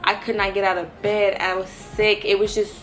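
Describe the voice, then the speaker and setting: A young woman in her early twenties tells her faith testimony in a lively way, talking straight to the viewers. Her voice sits at a middle pitch, with faint music underneath. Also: moderate pace. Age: early 20s. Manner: animated, talks straight to viewers. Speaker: vlogger sharing a faith testimony. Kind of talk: personal testimony storytelling.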